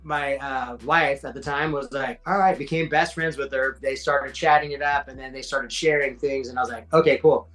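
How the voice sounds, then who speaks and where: A man's voice: medium pitch, steady tone, moderate pace, few pauses, a bit bright, faint music behind, low-quality recording. A man in his forties, a podcast guest, telling stories in casual chat, slangy and swearing, acting out quotes. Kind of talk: casual storytelling.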